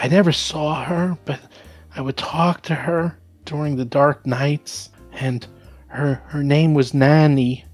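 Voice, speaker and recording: In a natural voice, a man plays a terrified, blinded male prisoner who stammers and breaks into high, pleading cries.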